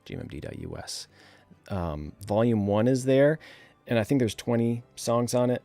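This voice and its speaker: Faint music plays behind a livestream host whose mid-range voice carries vocal fry and a New England accent. At a moderate pace, he casually reads viewer comments aloud, staying chatty and relaxed with frequent laughter and lots of fillers.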